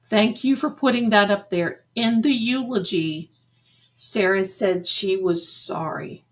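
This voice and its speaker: Slow-spoken woman tarot reader. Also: medium pitch, rough recording. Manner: slow, musing, talks to viewers and her cats. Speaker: psychic medium livestream host. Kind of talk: live tarot reading chat.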